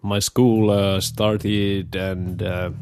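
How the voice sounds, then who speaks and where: A young man with a Scandinavian accent, talking in a casual, rambling way and pausing often on filler sounds. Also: on the low side, little pitch movement, smooth, no echo, studio quality. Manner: hesitant, many filler pauses. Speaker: show host. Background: guitar music.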